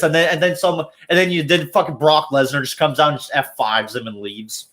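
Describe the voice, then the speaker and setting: A man's voice: on the high side, steady tone, a little fast, few pauses, a bit bright. A man hosting a livestream, ranting casually with lots of swearing and filler words. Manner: profane, rambling rant with many fillers. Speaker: livestream host. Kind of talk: casual chat.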